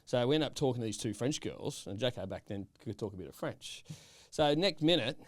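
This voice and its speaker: A man co-hosting a podcast, telling a rambling travel story in animated, casual chat and checking in with "right?". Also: mid-range voice, brisk, no echo, clean studio sound. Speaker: podcast co-host.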